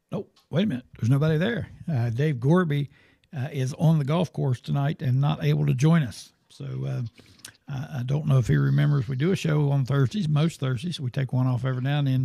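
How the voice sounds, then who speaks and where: Male talk show host, gravelly, mellow, rambling easygoing delivery, dry studio sound. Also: medium pitch, dry recording. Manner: rambling, easygoing, many fillers. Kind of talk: casual sports talk show.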